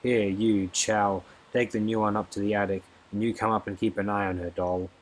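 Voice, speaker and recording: A man voicing a spiteful, coarse older woman who keeps a brothel, with a loud, mocking manner. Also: fairly low pitch, level tone, moderate pace, lightly acted, rough recording. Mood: scornful.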